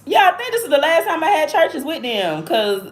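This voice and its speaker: A woman from Alabama, USA, with a Southern accent hosts a casual livestream chat at normal speed, her high voice swinging widely in pitch. She is blunt, slangy, and chatty, rambling and drifting from one story to the next.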